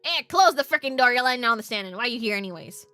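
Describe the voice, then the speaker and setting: A woman voicing a gruff, complaining clerk in a video game, in a raised, higher voice. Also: animated, rapid-fire, bright, forceful tone, no room sound, soft background music. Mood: irritated.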